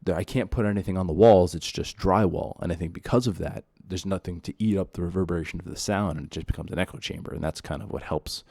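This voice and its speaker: A man hosting a podcast, ranting alone about his old apartment, exasperated and repeating himself, getting louder when heated. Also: low voice, fast, creaky, hardly any pauses, slightly rough, no echo, studio quality. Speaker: podcast host. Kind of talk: solo ranting monologue.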